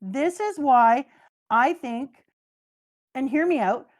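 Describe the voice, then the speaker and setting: A woman's voice: sits high, expressive, takes it slowly. A woman hosting a casual chat, gushing and joking her way through an anime recap. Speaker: host.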